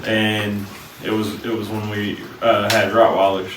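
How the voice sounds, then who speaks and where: Casting note: laid-back man, mid-pitched, folksy yarn-teller, distant mic in a roomy basement. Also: level tone, a little slow, a bit bright. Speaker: podcast co-host. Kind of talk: casual chat. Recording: echoey room, mic at a distance, faint noise.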